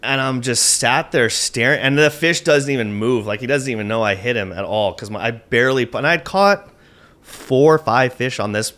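A man guest on a podcast, telling a tournament fishing story in an animated, excitable way, with lots of "like" and casual swearing. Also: mid-range voice, moderate pace.

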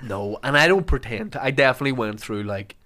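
A man's voice: medium pitch, animated, quick pace, pushed and bright. A man hosting a casual podcast chat, friendly and asking questions to steer the talk.

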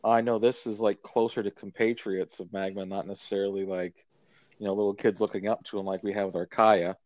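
A man's voice: fairly low pitch, little pitch movement, brisk, a little mellow, dry recording. A man co-hosting a casual music podcast, rambling through his points with many fillers and restarts. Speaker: podcast co-host. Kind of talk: casual chat about records.

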